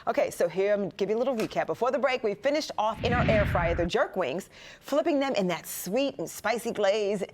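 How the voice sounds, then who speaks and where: A woman hosting a television cooking segment, lively and playful as she chats with her guest chef. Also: medium pitch, a little fast, noisy background. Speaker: cooking show host.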